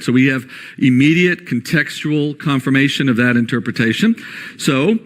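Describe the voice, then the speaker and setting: Guy teaching bible study, bit high voice, keeps asking "all right?". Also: fairly bright tone. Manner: rhetorical questions, frequent "all right?" checks. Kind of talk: lecture-style Bible study.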